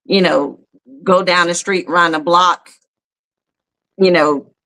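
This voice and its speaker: A woman hosting a podcast, chatting casually and telling a personal story with animated, rising quotes. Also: slow pace. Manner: animated, storytelling, rises high when quoting herself. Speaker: podcast host.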